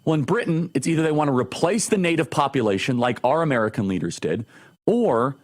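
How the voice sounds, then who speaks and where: A man's voice: medium pitch, lively intonation, a little fast. A man hosting a talk show, delivering an opinionated monologue with emphatic, repeated phrases.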